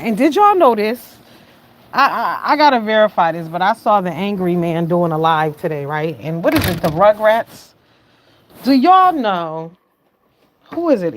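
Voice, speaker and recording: A woman around fifty hosts a loose livestream chat, talking straight to her viewers. She swings from loud bursts down to quiet asides. There is a faint hiss of noise behind her. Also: expressive, moderate pace. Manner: chatty, swings from loud exclamations to low mutters. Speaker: livestream host.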